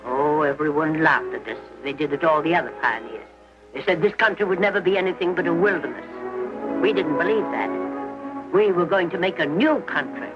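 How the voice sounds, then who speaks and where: A woman's voice: low voice, animated, brisk. An actress playing a determined elderly pioneer grandmother who lectures her granddaughter firmly, in a 1930s film. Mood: stern. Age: older. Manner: firm, lecturing and forceful. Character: stern old pioneer grandmother, fiercely determined. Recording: muffled 1930s film soundtrack with music.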